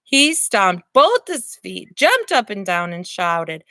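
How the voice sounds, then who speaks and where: A woman preschool teacher reading a picture book aloud to young children, animated and asking them questions. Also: medium pitch, slow, hardly any pauses, no echo.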